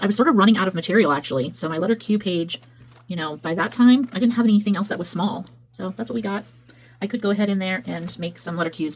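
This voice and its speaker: A woman with a medium-pitched voice hosts a craft video, chatting casually as she flips through her work. She meanders and often corrects herself, and the audio quality is poor.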